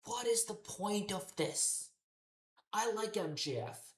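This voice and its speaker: Woman, exasperated wrestling rant, heavy swearing, mid-pitched voice, roomy echo. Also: lively intonation, slow. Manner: profane, exasperated, repetitive ranting. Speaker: wrestling show reviewer. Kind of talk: heated ranting commentary. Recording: roomy echoey room.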